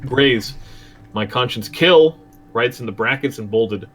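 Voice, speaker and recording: A man's voice: medium pitch, a little slow, fairly bright tone. A man co-hosting a podcast, reading a story aloud in a crude, joking, chatty way. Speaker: podcast co-host and reader.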